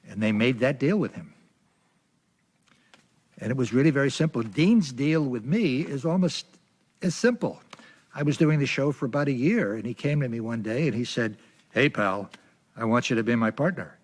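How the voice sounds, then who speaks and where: A man's voice: mid-range voice, expressive, moderate pace, pauses often. Older man recalling the old days. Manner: plain, reflective recollection. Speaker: interviewee recalling his career. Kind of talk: documentary interview.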